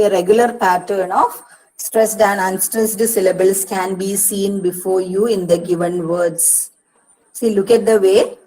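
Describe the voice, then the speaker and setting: A woman's voice: mid-range voice, darkish tone, poor audio. A woman with an Indian English accent, a university counsellor, giving an online lecture and explaining step by step with frequent "see" and "uh".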